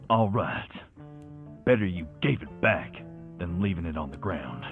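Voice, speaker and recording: Guy doing a gruff gravelly shopkeep, deep-ish voice that swoops around, tinny game audio w/ guitar behind. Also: lively intonation, measured pace. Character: short-tempered gruff male shopkeeper.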